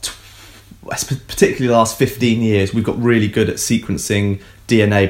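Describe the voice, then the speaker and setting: Casting note: man, lowish voice, laid-back science podcast co-host, jokey and rambling. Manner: relaxed, joking, many ums and restarts. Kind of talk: casual science podcast chat.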